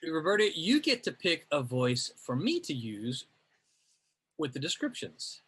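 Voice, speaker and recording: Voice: medium pitch, wildly swooping pitch, a little slow, fairly bright tone, breathy edge. A co-host in a casual group chat, explaining the plan and sorting out the order.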